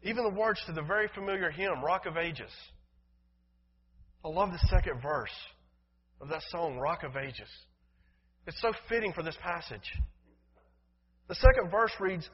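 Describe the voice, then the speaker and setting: Husky-voiced man preaching in a reverberant hall. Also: high-pitched, lively intonation, moderate pace, pauses often. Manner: emphatic preaching, rising loud then dropping soft. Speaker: pastor. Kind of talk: sermon. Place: church sanctuary. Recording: dull, reverberant hall sound.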